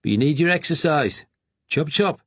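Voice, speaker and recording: A man's voice: on the high side, expressive, normal speed, breathy edge, no room sound, pitched above the performer's own voice. A man voicing a brusque middle-aged ex-soldier hospital attendant with a Birmingham accent, barking orders.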